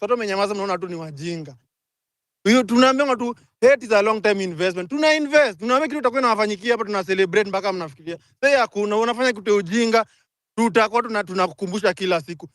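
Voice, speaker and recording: A young Kenyan man ranting angrily in a live audio chat, switching fast between languages. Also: high-pitched, fairly bright tone, no room sound. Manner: angry, rapid code-switching rant. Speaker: speaker in a live audio room.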